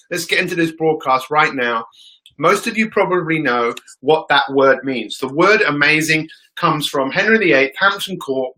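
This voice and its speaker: An upbeat man runs a live motivational stream, welcoming viewers by name before getting to his talk. His voice is bright and forceful and sits a little high. He speaks into his phone. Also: poor audio. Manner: energetic, greets viewers by name. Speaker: motivational show host.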